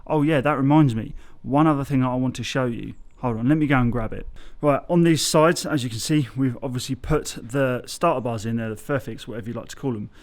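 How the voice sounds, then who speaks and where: Man, casual building-site vlog, rambling, self-correcting, mid-pitched voice. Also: fairly quick, hardly any pauses. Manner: chatty, loses his train of thought, self-corrects. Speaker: bricklayer vlogger.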